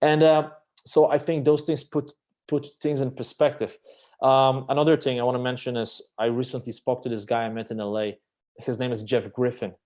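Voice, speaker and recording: A male guest on a live stream tells stories in an animated, emphatic way, with casual swearing. His voice sits at a middle pitch for a man. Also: fairly quick. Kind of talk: live-stream conversation, storytelling.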